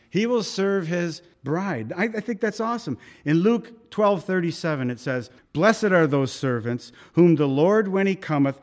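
A male pastor preaching a sermon in a conversational, storytelling way, acting out voices in his anecdotes. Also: fairly high pitch.

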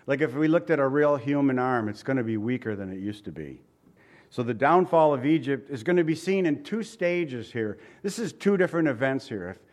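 Guy preaching a sermon, chatty, lots of rhetorical questions, reads scripture slow and heavy. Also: a little high, darkish tone. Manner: reads scripture aloud slowly and emphatically. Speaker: pastor.

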